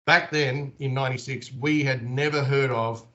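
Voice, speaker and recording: A man's voice: mid-range voice, steady tone, moderate pace, a bit bright, muffled recording. A man in his forties with an Australian accent, a guest telling stories animatedly in an interview. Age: 40s. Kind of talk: casual storytelling in an interview.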